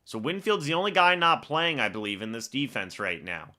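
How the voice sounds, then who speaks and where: Lively, bright-voiced football fan calling plays. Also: male voice, medium pitch, a little fast. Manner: calls plays like a broadcaster, then chats with viewers. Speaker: fan live-reaction host. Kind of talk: live play-by-play reaction commentary.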